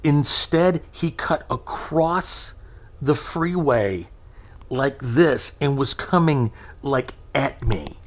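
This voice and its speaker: A man in his thirties spins a long, rambling story in casual conversation, animatedly acting out the voices of the people in it. He speaks at a medium pitch and slowly.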